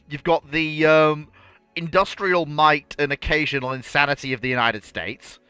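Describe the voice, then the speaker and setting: A man co-hosting a casual podcast, talking in an animated, joking way. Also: a little high, moderate pace, clear, resonant tone, no room sound, soft background music. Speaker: podcast co-host. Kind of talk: casual chat.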